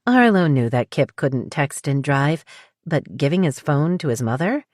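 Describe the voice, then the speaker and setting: A woman narrating a romance novel with even, measured storytelling in a close studio recording. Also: sits low, dry recording. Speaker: audiobook narrator. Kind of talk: scripted narration.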